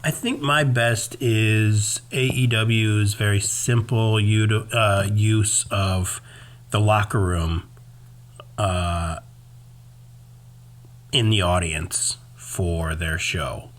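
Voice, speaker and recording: Lower-pitched man chatting casually. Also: steady tone, drawn-out words. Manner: rambling, opinionated, frequent fillers. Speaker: podcast co-host. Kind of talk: casual chat.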